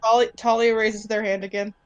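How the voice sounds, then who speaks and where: A woman's voice: on the high side, level tone, brisk, highs cut off, a little hiss or hum. A woman playing a tabletop game, narrating her character's actions casually.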